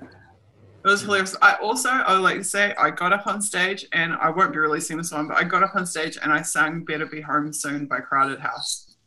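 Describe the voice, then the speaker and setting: Chatty and self-mocking, this Kiwi host laughs a lot during a relaxed livestream from a room at home, speaking with a New Zealand accent. Her low-pitched voice holds a steady tone at normal speed and sounds bright and forceful, though the audio is poor.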